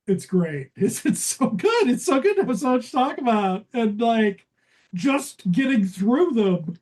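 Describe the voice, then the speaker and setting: Lively woman comedy podcast host. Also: on the high side, a little slow, low-quality recording. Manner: lively, laughing, retells plots in voices. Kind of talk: casual comedy podcast chat.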